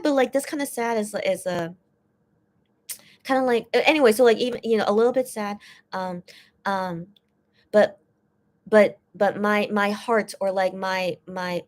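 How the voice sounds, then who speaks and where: A woman hosting a casual stream, translating and explaining posts, talking in a rambling way full of fillers and restarts. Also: mid-range voice. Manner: gets teary and emotional while reading. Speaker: fan channel host translating posts. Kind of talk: casual live-stream chat.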